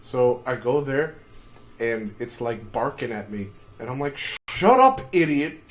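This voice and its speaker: A man telling a crude, profanity-filled story on a casual livestream, with shouted outbursts. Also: medium pitch, a little slow, slight background noise. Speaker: streamer.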